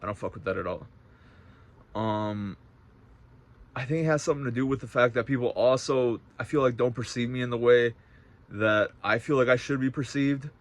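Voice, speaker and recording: A young man telling a story in a casual vlog, swearing a lot and swinging between loud outbursts and quiet, reflective talk. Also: mid-range voice, moderate pace. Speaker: vlogger.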